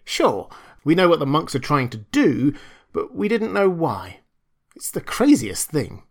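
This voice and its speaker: A man's voice: a little high, huge pitch swings, a little slow, pitched above the performer's own voice, heavily acted. A man voicing Chuck, a nervous and urgent young computer engineer, in an audiobook reading. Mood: uneasy.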